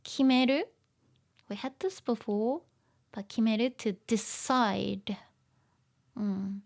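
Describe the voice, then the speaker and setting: A woman's voice: a little high, slow, creaky. A woman giving a casual online language lesson, chatty and full of fillers and small laughs. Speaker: language teacher.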